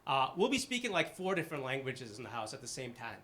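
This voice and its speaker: A young man from the Boston area doing a stand-up set on a live stage, with a halting, filler-heavy delivery and dry, self-deprecating punchlines. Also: mid-range voice, big pitch swings, bright, forceful tone. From Boston area, Massachusetts. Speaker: stand-up comedian. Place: live comedy stage with an audience.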